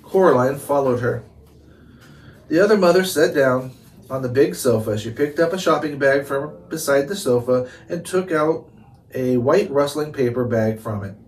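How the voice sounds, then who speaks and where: A man narrating a chapter book aloud in calm, steady read-along storytelling. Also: medium pitch, normal speed. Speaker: storybook reader. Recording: distant mic, faint hiss.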